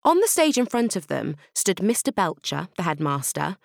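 A woman reading a children's audiobook with playful, expressive narration. Her voice sits slightly low. The recording is close and dry. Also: normal speed, gravelly, dry recording.

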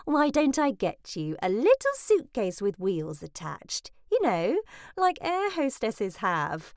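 A woman's voice: on the high side, wildly swooping pitch, slow, dry recording, clean studio sound, exaggerated voice. A woman voicing a fussy, gushing middle-aged mother in an audiobook, breezy and pushy as she chatters on. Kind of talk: audiobook reading.

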